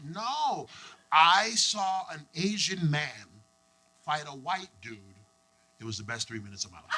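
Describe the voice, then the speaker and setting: A young adult man from Canada doing a stand-up set, telling stories in a brash, profane, animated way. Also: a little high, vocal fry, very noisy. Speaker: stand-up comedian.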